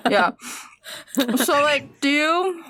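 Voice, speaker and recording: A woman's voice: sits high, expressive, extremely slow, a bit bright, no echo. A woman playing a tabletop game, playful and rambling, laughing as she talks. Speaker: player. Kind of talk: casual chat at a tabletop game.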